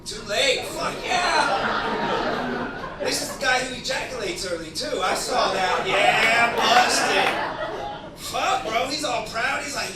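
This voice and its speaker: A woman in her forties hosting a comedy show, loud and profane, yelling jokes at the crowd. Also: a little high, lively intonation, unhurried, very noisy. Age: 40s. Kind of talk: stand-up hosting. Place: comedy club stage. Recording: echoey club, far from the mic, loud crowd.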